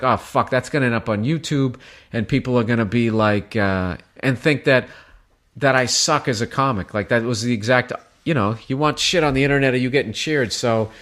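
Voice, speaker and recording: A male comedian with a Boston accent telling a story on stage in a casual interview, swearing often and acting out crowd voices. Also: medium pitch. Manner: animated, profane, acts out crowd voices. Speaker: guest comedian.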